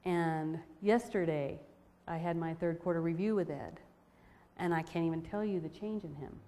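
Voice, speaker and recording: Animated woman telling a story in a reverberant hall. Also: on the low side, moderate pace. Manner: animated, expressive storytelling with laughter. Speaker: speaker sharing a personal testimony. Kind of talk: storytelling to a women's audience.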